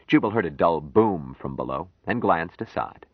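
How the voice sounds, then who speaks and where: Male audiobook narrator; very low voice, measured delivery, dry dull recording. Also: animated, breathy edge, no echo. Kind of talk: audiobook reading.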